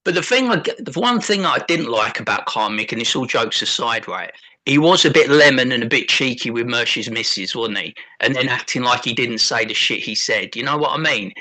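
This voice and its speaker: British male co-host, sharp bright tone, blunt slangy banter. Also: medium pitch, expressive, a little fast. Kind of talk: casual livestream chat.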